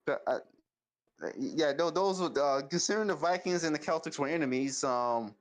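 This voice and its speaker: Halting, stammering man on a stream. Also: on the high side. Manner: halting, stammering, restarts sentences. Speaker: stream guest. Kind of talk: casual chat.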